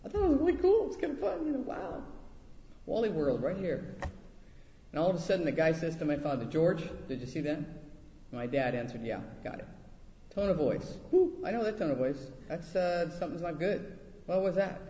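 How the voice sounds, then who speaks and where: A man preaching a sermon, telling a personal story and acting out quoted voices with lively pitch jumps. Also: a little fast. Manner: animated, acts out quotes in high voices. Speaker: pastor. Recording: echoey hall, dull lo-fi sound.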